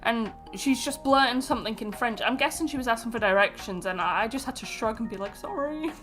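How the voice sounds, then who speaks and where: Young woman from England, casual sweary storyteller, higher pitch, light music underneath. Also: quick pace. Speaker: streamer. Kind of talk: casual chat.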